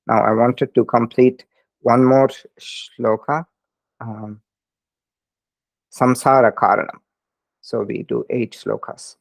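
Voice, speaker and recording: Male scripture teacher, relaxed storyteller, mid pitch, dry close mic. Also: no room sound. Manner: casual, laughing, with fillers. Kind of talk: lecture with storytelling.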